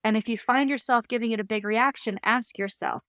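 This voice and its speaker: A woman podcast host and coach giving calm, earnest, reflective advice in a solo talk. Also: on the high side, brisk, hardly any pauses, clean tone, no room sound, studio quality. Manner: calm, earnest, coaching tone with occasional light laughs.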